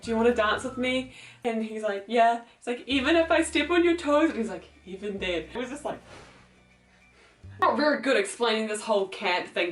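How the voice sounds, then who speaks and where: A young woman with a fairly high voice chats through a book review, rambling with fillers and acting out lines as she retells scenes. She is recorded a little back from the mic in a roomy, echoey space, with faint music under her voice. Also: fairly bright tone, recorded from a distance. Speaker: book vlogger. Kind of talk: casual book review chat.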